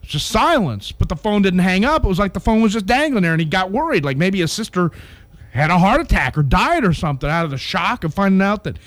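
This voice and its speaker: A man co-hosting a radio show, telling a long joke in a slow, drawn-out deadpan way into a studio mic. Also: sits high, no room sound. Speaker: radio co-host.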